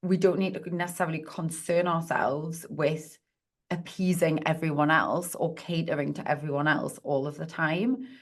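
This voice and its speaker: Woman, low pitch, podcast guest, earnest encouraging coaching tone. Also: fairly even intonation, normal speed. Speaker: guest, positive psychologist and business mentor. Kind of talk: podcast conversation.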